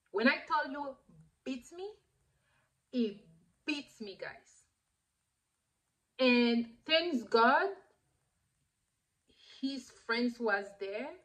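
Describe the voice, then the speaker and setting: A woman in her thirties whose first language is French, telling a personal story in a lively way, with many fillers and bursts of laughter. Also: fairly high pitch, very slow, long pauses. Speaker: vlogger. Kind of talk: casual storytelling.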